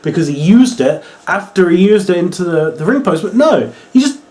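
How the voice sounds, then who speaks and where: A young man with a Norwich accent rambles through a wrestling review, excitable and swearing freely. His voice sits a little high for a man and leaps all over the place in pitch. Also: moderate pace. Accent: Norwich English. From England. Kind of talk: casual video review.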